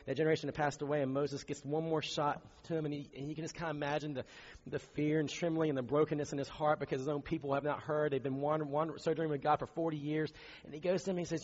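Male preacher, slightly high and husky, animated conversational delivery, muffled hall recording. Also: quick pace. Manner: conversational, animated, asks rhetorical questions. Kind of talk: sermon. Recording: dull recording in a reverberant hall.

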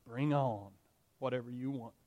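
A man voicing an elderly Christian martyr who calmly and slowly declares his faith to his judge. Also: medium pitch, highs cut off, pitched below the performer's own voice, natural voice. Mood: defiant. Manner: slow, solemn, drawn-out declarations. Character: defiant elderly male Christian martyr, calm and firm.

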